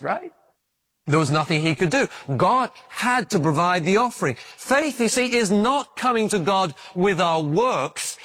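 A man preaching a sermon, telling stories with animated acted-out voices and frequent stammered restarts. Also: high-pitched. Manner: animated storytelling, acting out voices in his anecdotes; repeats words when restarting.

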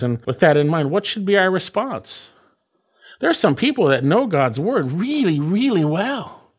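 A man preaching an expository sermon, explaining word meanings and repeating key phrases with emphatic stress. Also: fairly high pitch. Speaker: pastor.

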